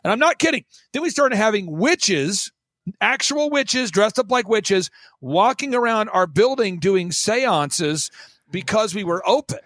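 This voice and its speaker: A man, a guest on a talk show, telling stories in an emphatic, punchy way with quick bursts of mimicry. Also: high-pitched, lively intonation, fairly bright tone, no echo, clean studio sound. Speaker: guest speaker. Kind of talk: animated storytelling on a talk show.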